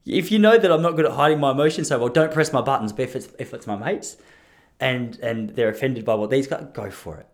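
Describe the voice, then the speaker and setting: A man in his thirties with a medium-pitched voice talks fast as a podcast host, rambling casually. He's chatty and self-mocking, joking at his own expense and laughing at his own lines.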